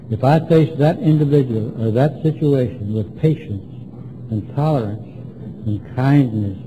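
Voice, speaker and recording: A man from Washington, DC, USA speaks to a recovery group in an AA meeting room, giving a folksy, repetitive, emphatic talk. His voice is mid-range and dark, and the rough recording carries slight background noise.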